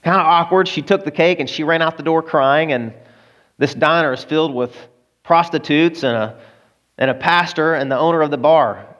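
A man's voice: a little high, normal speed, a bit bright. A man preaching a sermon, telling a story in a conversational way with asides to the listeners, on a dull lo-fi recording. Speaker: pastor.

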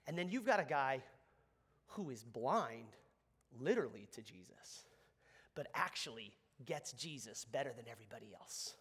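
Man preaching, bright lively voice, conversational sermon, call-and-response. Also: on the high side, breathy edge. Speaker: pastor.

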